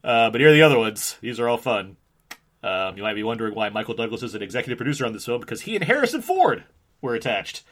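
Male podcast host, thirties, casual film talk. Swoops all over his pitch, breaks into laughs and acts out lines. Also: fast talker. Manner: animated, laughs often, acts out quotes.

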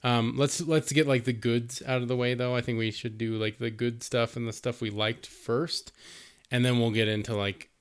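A man's voice: mid-range voice, little pitch movement, normal speed, clean tone. A man co-hosting a podcast, reviewing a movie in casual chat, rambling with frequent laughs and swearing. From United States. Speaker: podcast co-host.

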